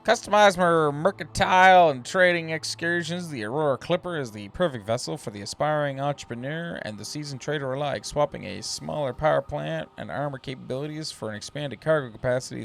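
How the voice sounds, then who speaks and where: Streaming a space game, a man chats in a relaxed way and reads out ship descriptions, occasionally halting. His voice is on the high side and shows vocal fry.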